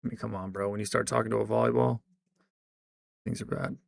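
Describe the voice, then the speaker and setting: A man streaming and chatting casually, rambling with restarts and trailing off into quiet mumbles. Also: on the low side, level tone, brisk, creaky, no room sound, clean studio sound. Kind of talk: casual livestream chat.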